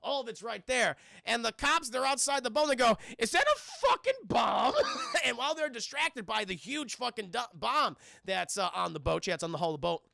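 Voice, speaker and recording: A young man with an extremely high, creaky voice talks briskly, reviewing cartoons as he recaps an episode for a live chat. He's animated and loose, swearing a lot and constantly calling out to the chat. The recording is dry and clean, with studio sound.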